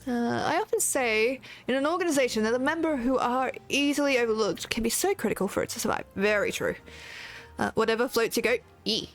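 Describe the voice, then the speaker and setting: A woman streamer chats casually over her gameplay, laughing often and swearing freely. Her voice sits a bit high. Quiet music plays in the background. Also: expressive, normal speed.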